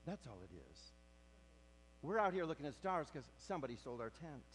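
A man preaching a sermon as pastor, swinging from hushed near-whispers to loud, emphatic preaching. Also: on the high side, big pitch swings, a little fast, slight background noise, poor audio.

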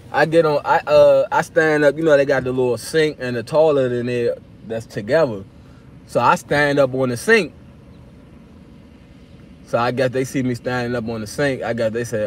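A young man recounts a story to his viewers in a loose, casual way. His voice sits at an ordinary pitch, and he talks in animated, slang-heavy bursts, voicing his own replies as he goes. A faint hiss of noise sits under his voice. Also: moderate pace. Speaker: vlogger telling a personal story.

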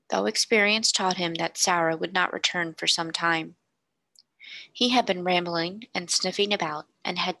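Gravelly, bright-voiced woman reading aloud. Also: lowish voice, no echo. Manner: measured, expressive narration. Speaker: storybook reader. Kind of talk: reading a classic novel aloud.

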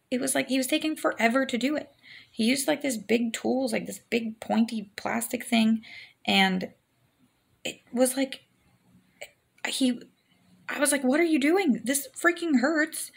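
A woman's voice: medium pitch, gravelly. A woman in her thirties casually telling her birth story to camera, chatty and full of "like", laughing between lines and acting out what she and the doctors said.

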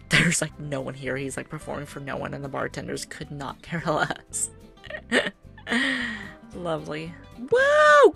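A woman hosting a life-sim game video, chatting casually as she plays, excitable and teasing, often laughing and cheering. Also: sits low, creaky. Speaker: gaming channel host.

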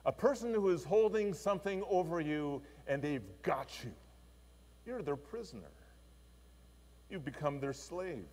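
A man's voice: a little high, a little slow. Man preaching in a reverberant church. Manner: storytelling, expressive. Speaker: pastor. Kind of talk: sermon.

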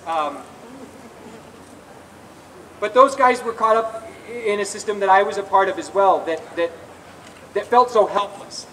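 A man's voice: high-pitched, normal speed, long pauses, fairly bright tone, slight background noise. A man giving an earnest, confessional personal testimony at an outdoor rally, often restarting his sentences. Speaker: speaker at a recovery rally. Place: outdoor rally in a public square. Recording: distant outdoor recording with faint ambience.

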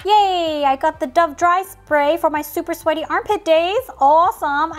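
A woman's voice: extremely high pitch, a little slow, few pauses, faint music behind. A woman hosting a toy unboxing video, narrating in a silly, playful way and making sound effects.

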